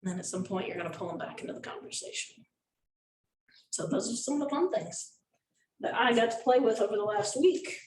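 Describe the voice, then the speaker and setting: A woman leading a group coaching session, animated and acting out gestures and little voices as she explains. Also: medium pitch, brisk. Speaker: sales coach. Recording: echoey room, mic far off, faint noise.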